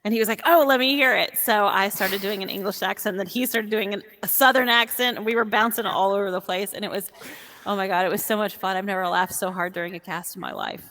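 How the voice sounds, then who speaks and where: A woman speaking as an interview guest in casual chat, warm and animated and quick to laugh. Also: mid-range voice. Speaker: guest, VR sport caster. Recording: long echoey reverb.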